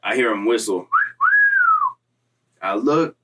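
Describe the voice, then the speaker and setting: A young man casually recounting a story in street slang, animated and full of acted-out quotes, from Florida. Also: lowish voice, slow pace, recorded from a distance, very noisy. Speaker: storyteller recounting prison time.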